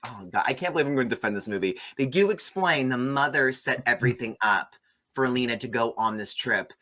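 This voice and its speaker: A man hosting a casual movie review chat, sarcastic and animated, mocking the film with quick impressions. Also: medium pitch.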